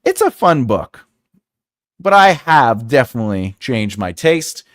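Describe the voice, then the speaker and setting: A man's voice: medium pitch, big pitch swings, measured pace. A man in his forties hosting a writing channel, chatting casually with viewers, joking and laughing as he rambles through asides. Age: 40s. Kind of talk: casual livestream chat.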